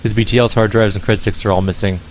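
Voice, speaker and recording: A man reading a cynical, blunt male porter in a video game, in a low, close-to-plain voice. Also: fairly even intonation, fast talker, a little hiss or hum, lightly acted. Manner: blunt, dismissive.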